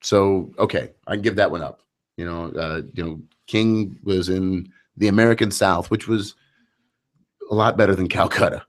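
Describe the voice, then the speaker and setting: Deep-voiced male radio talk show host. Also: steady tone, normal speed. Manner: chatty, storytelling, acts out voices in anecdotes.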